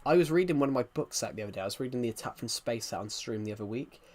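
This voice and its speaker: A man's voice: medium pitch, lively intonation, very fast, a little mellow. A man with a thick West Country accent, chatting casually to viewers on a live stream, rambling and repeating himself as he talks. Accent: West Country English. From rural England. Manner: rambling, repeats phrases, keeps addressing viewers as guys.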